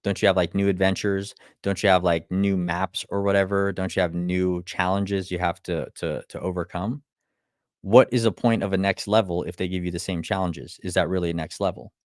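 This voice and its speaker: A man's voice: deep voice, steady tone, moderate pace, dry recording, studio quality. A man giving a live motivational talk, blunt and full of swearing, firing off rhetorical questions and stumbling over restarts when he gets fired up. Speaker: motivational speaker.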